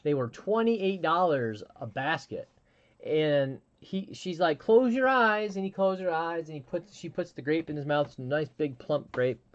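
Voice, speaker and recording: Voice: mid-range voice, lively intonation, moderate pace, no echo, muffled recording. A live stream host chatting casually, telling a rambling story with frequent restarts and fillers.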